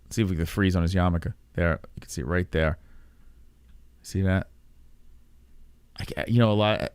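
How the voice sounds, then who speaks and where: A man's voice: low voice, dry recording. Sarcastic, foul-mouthed man reacting. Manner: profane, sarcastic and rambling. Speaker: podcast host. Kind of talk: casual reaction commentary.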